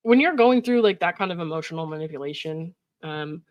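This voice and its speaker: A woman's voice: sits low, animated, fairly quick, no room sound, muffled recording. A woman host reading text messages aloud with casual commentary, laughing often and reacting with exasperated asides. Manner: laughs often, reads quoted texts with mock emphasis, frequent likes and ums.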